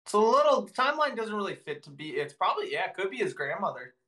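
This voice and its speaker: A man co-hosting a casual podcast, reacting with quick wisecracks. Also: high voice, sing-song, pushed and bright. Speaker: podcast co-host.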